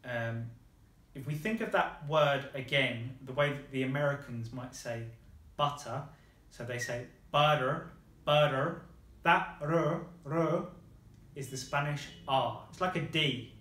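A man's voice: medium pitch, unhurried, fairly bright tone, echoey room. A man teaching a beginners' Spanish lesson, patient and encouraging, praising the learner often. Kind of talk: slow, patient language lesson.

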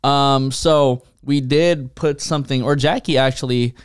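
A man's voice: mid-range voice, fairly even intonation, unhurried, clear, resonant tone. A young man co-hosting a podcast in casual chat, laid-back and trailing off with fillers, swearing now and then. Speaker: podcast co-host.

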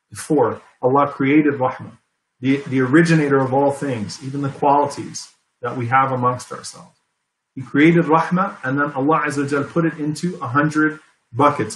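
A man's voice: on the high side, fairly bright tone. A man giving an earnest religious lecture as a preacher, repeating key phrases for emphasis. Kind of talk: Islamic lecture. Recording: echoey room.

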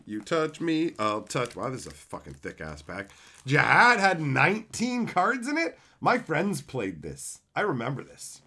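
A man live-streaming as he opens card packs and reads viewer messages aloud, in profane, excitable, rambling banter. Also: on the high side, measured pace.

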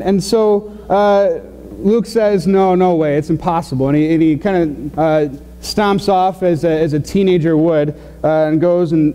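A man's voice: high-pitched, mellow, long reverb tail. A man preaching a sermon in a loose, conversational way, full of fillers and restarts. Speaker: pastor. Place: church sanctuary.

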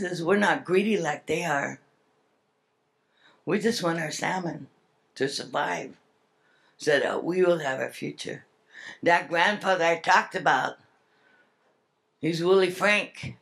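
A woman's voice: fairly low pitch, measured pace, gravelly, long pauses. An older woman giving an earnest, heartfelt public speech at a summit. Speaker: speaker at a salmon summit.

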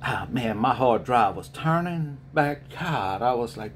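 A man's voice: mid-range voice, a little slow, few pauses, a little hiss or hum. Middle-aged man telling rambling stories. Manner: rambling, animated storyteller who laughs often. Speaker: spiritual reader. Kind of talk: casual vlog answering viewer questions.

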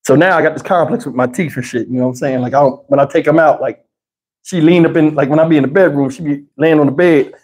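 A man hosting a livestream, telling a story in a casual way that is animated and profane, with frequent laughter. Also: a little high, fast talker. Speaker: livestream host. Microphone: wireless lapel mic.

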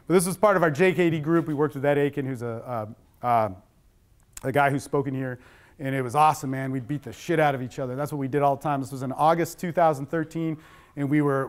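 A middle-aged man giving a talk on addiction with slides, speaking bluntly and conversationally with plenty of swearing. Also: on the high side.

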